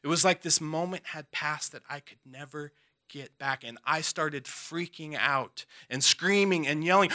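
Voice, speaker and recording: A man telling a personal story in an earnest, halting way, with many restarts, his voice dropping soft at emotional moments. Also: a little high.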